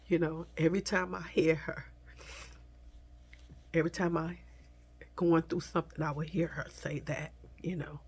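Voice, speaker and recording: A woman vlogger tearfully telling a personal story to her viewers, speaking softly and haltingly, at times dropping to a whisper. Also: low-pitched, fairly even intonation, slightly rough. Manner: soft, halting, slips into whispers, addresses viewers as y'all.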